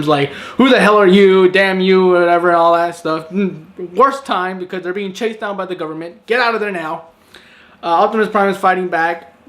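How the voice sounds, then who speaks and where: A man's voice: high voice, fairly bright tone. A man casually recapping a movie in a rambling, sarcastic way, full of fillers and exasperated asides. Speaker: movie reviewer. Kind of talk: casual spoken review.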